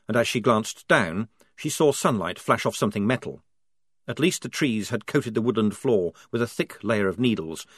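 A man narrating an audiobook in a measured, expressive way. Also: lowish voice, breathy edge, dry recording, studio quality. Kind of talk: scripted narration.

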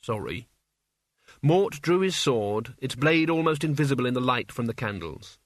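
A man reading an audiobook as its narrator, in an even, measured storytelling manner. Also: mid-range voice, no room sound, clean studio sound.

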